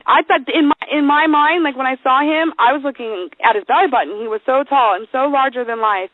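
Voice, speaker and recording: A young woman co-hosting a podcast, telling a story in a profane, animated, self-mocking way. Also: sits high, a little fast, few pauses, dry recording. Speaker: podcast co-host. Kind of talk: casual storytelling chat. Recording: dry tinny phone-like sound.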